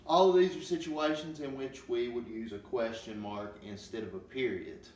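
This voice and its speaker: Male teacher, patient, halting delivery full of ums, far from the mic in a roomy space with faint hiss. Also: medium pitch, darkish tone. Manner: slow, patient explaining with many ums. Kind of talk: classroom grammar lesson.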